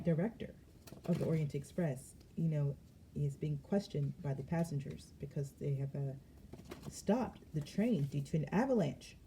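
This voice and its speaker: A woman's voice: low-pitched, warm tone, slight background noise. A woman giving a casual tarot reading to her viewers, chatty and often breaking into laughter. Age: adult parent of young children. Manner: chatty, addresses viewers as y'all. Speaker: tarot card reader.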